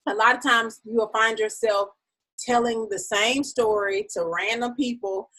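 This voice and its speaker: A woman's voice: on the high side, steady tone, unhurried, pushed and bright. A woman hosting a casual motivational podcast, talking in a chatty, direct way while her mouth is sore from the dentist. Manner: chatty and direct, addresses listeners as y'all. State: sore mouth after a dental visit. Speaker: podcast host.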